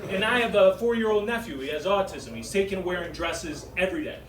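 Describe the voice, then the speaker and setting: A young man with a Massachusetts accent works a club crowd, his voice pitched fairly high and pushing out brash, animated punchlines. He is caught from a distance in a roomy, echoing room, with a clear wash of crowd sound underneath. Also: fairly quick. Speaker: stand-up comedian. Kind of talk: stand-up set. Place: comedy club stage. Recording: roomy club sound from far off with audience noise. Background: audience laughter.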